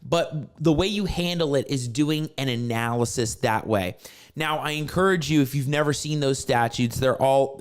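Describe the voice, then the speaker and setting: A man hosting a podcast as a probate lawyer, talking in a direct, animated way and acting out his clients' lines in his stories. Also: medium pitch. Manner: direct, animated storytelling, acts out callers' lines. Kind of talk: casual explanatory talk.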